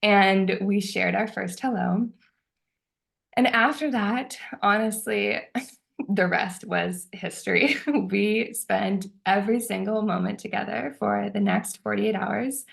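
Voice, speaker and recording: A woman's voice: medium pitch, steady tone, slow pace, gravelly, fairly bright tone. A woman telling a personal story in a casual, chatty way, with many filler words, frequent laughter and acted-out dialogue. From United States.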